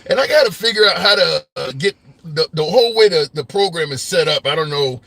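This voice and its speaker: A man's voice: fairly high pitch, animated, fairly quick, vocal fry, pushed and bright, no echo. A man hosting a live call-in talk stream from a phone, talking through opinions conversationally with restarts. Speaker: talk show host. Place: car.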